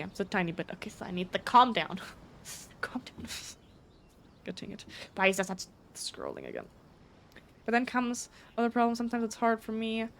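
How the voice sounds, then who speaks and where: A woman whose first language is German, chatting casually on a live stream, talking fast with frequent stutters and restarts. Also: fairly high pitch, clean tone.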